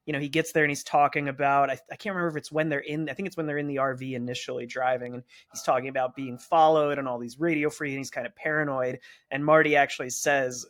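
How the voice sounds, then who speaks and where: Higher-voiced man chatting on a podcast. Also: fairly bright tone. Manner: chatty, quotes dialogue, laughs often. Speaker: podcast co-host. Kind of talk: casual chat.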